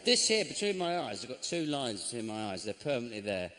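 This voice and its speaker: A middle-aged man from England doing a stand-up comedy routine, deadpan and grumbling, breaking into sudden shouts. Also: medium pitch, brisk. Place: large theatre stage. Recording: live show with constant audience noise.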